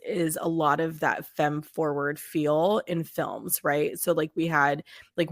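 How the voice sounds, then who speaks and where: A woman's voice: low voice, dry recording, studio quality. A woman hosting a podcast in casual chat, thoughtful and searching for her words as she goes. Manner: thoughtful, searches for words, many fillers and restarts. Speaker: podcast host.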